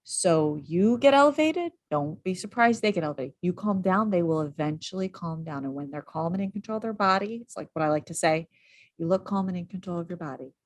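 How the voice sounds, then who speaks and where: A woman coach giving parenting advice in a casual interview, quick and animated, acting out what she would say. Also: fairly low pitch. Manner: animated, quick, acts out quoted lines. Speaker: parenting and school behavior coach.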